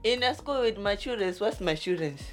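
A woman's voice: medium pitch, lively intonation, fairly quick, faint music behind. A woman with a Nigerian accent co-hosting a casual podcast chat, bantering and giggling. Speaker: podcast co-host.

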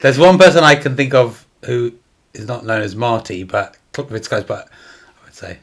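A man's voice: medium pitch, expressive, normal speed, a bit bright. A man co-hosting a podcast, chatting casually with dry, brief replies. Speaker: podcast co-host. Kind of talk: casual chat.

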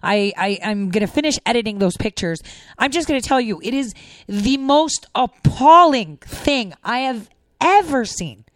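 Outraged woman with a high, dry voice. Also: lively intonation, moderate pace, dry recording. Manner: emotional, outraged, repetitive. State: near tears. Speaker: commentator. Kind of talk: impassioned monologue.

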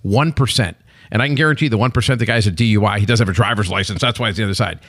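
Casting: man in his sixties, quick and gravelly, punchy pitchman storytelling, close dry mic. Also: no room sound. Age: 60s. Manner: animated storyteller, salesman-like, emphatic. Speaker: podcast guest, company CEO. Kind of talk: casual interview chat.

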